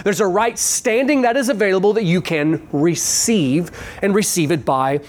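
A preacher stressing each phrase slowly. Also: medium pitch, a little hiss or hum. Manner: slows down sharply to stress key words and phrases; restates points in repeated phrasing. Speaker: pastor. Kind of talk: expository sermon.

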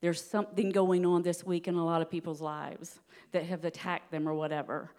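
A woman giving a sermon in an earnest, steady teaching manner, with light laughs now and then. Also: fairly low pitch, moderate pace. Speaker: preacher.

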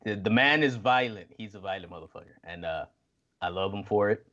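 A man with a somewhat low voice talking loosely on a podcast. His talk is profane and animated, full of restarts and laughter. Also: fairly quick, dull audio. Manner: profane, animated, acts out quotes in put-on voices. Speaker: podcast co-host. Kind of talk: casual chat.

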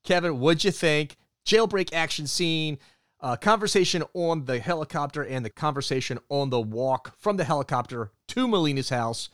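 A man co-hosting a podcast, recapping a film in an animated storytelling way. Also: fairly high pitch, normal speed, dry recording, studio quality. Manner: animated storytelling, acts out character quotes. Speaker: podcast co-host. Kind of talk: movie review recap.

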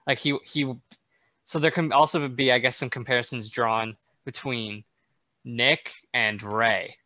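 A man's voice: medium pitch, steady tone, measured pace, sharp tone, no echo. A young man in a casual chat about a film, explaining his view in a loose, thinking-aloud way. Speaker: film discussion co-host.

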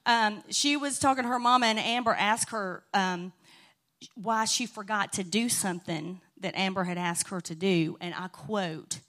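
A woman's voice: mid-range voice, normal speed. Chatty woman telling church stories. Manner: chatty and warm-hearted, laughing often. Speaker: church speaker. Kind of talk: casual church talk with funny stories. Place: church sanctuary.

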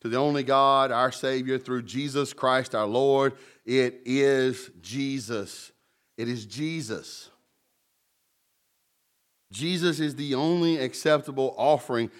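A man's voice: mid-range voice, a bit bright. Man preaching a chatty sermon. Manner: conversational preaching with humorous asides. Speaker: pastor.

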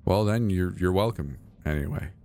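A man doing a gentle, reassuring young man. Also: sits low, normal speed, faint music behind. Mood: tender. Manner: soft, patient, quietly encouraging.

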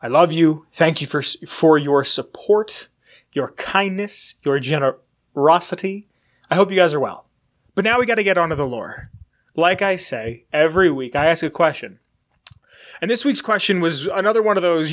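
Chatting loosely on his podcast, this man in his twenties rambles and curses freely in a candid way. The voice is high and a little bright, animated, at a moderate pace.

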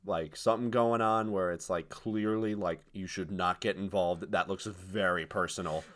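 A man's voice: sits low, steady tone, moderate pace, fairly bright tone. A man co-hosting a casual podcast chat, speaking hesitantly with many fillers. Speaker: podcast co-host.

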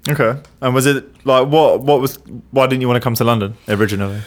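A man's voice: medium pitch, fast talker. A man hosting a casual interview, asking questions and chipping in to finish his guest's thoughts. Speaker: podcast host.

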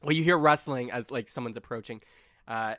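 A man's voice: mid-range voice, brisk, a bit bright, no echo, studio quality. A young man narrating as game master, playful and laughing often.

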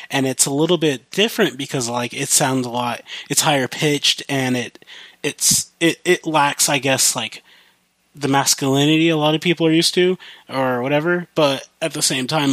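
A man's voice: mid-range voice, moderate pace, fairly bright tone, no echo. A man from the US Midwest with a slight country accent, rambling casually and swearing often on his own podcast. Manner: rambling, profane, many fillers. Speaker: podcast host.

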